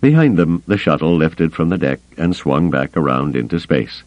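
Male audiobook narrator: very low, steady reading; dry, slightly muffled studio sound. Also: normal speed, no echo. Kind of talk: scripted narration.

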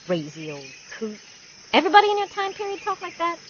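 A male narrator voicing a blunt, sharp-tongued woman. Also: extremely high pitch, huge pitch swings, quick pace, lo-fi sound, slight background noise, pitched above the performer's own voice, full character voice. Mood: sardonic. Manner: blunt, sardonic.

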